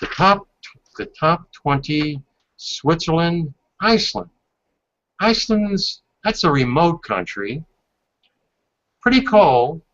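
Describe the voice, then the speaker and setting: A man's voice: a little high, big pitch swings, takes it slowly, pauses often, fairly bright tone. A man hosting a casual video call, reading aloud from a report and adding asides. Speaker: host. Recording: dull lo-fi video call audio.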